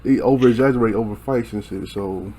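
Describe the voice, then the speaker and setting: A young man casually telling a story, animated and profane, acting out quotes and laughing along the way. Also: on the low side, fairly quick, crowd noise.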